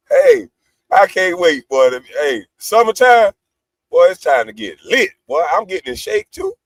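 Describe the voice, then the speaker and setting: A man's voice: high voice, very animated, normal speed, hardly any pauses, dry recording. A middle-aged man hosting a livestream, ranting boastfully and profanely at his critics. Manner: boastful, profane, trash-talking. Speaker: livestream host. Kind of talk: brash livestream rant.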